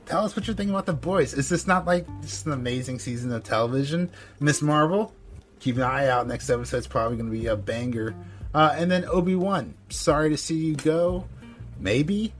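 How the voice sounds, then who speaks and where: A man co-hosting a podcast in casual chat, rambling and animated, with lots of filler words. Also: on the high side, brisk, faint music behind. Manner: rambling, animated, heavy use of "like". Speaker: podcast co-host.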